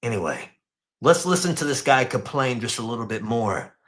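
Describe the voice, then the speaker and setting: A man's voice: medium pitch, big pitch swings, normal speed, fairly bright tone. A man hosting a casual reaction show, mocking and profane as he riffs on clips.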